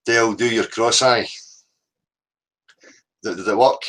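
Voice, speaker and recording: A man hosting a call-in show, with a voice sitting low for a man. He talks in a relaxed, chatty way and keeps dropping "you know" into his sentences. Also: measured pace, long pauses, poor audio. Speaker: host. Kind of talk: casual phone-in chat.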